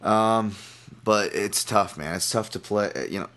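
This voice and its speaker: This podcast host speaks at a measured pace in a lowish, slightly bright voice. Talking through his fight picks in a casual betting monologue, he rambles, often restarts his sentences, and is self-deprecating.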